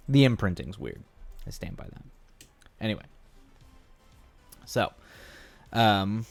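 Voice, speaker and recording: Man, live streamer, deep voice, creaky fry, casual musing, thinking aloud while writing.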